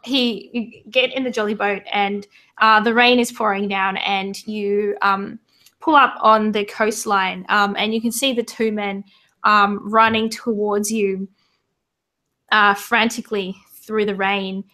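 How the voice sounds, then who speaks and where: Woman running a tabletop game, slow and bright, lots of ums. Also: medium pitch, flat delivery. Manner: hesitant, many fillers. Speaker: game master.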